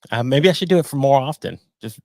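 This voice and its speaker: A man's voice: mid-range voice, lively intonation, quick pace, darkish tone, no room sound. Rambling man on a dry webcam mic. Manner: rambling, with restarts and stammers. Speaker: podcast guest. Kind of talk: casual live-stream chat. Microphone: home webcam setup.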